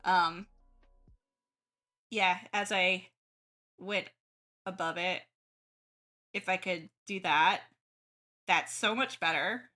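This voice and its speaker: A young woman with a Midwest-Southern American accent chats unhurriedly while she draws. Her voice is bright and forward, and she rambles and restarts her sentences. Soft music plays faintly behind her. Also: on the low side, very slow, pauses often. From southern United States. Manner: rambling, self-correcting, chatty. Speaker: art streamer. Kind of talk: casual chat while drawing.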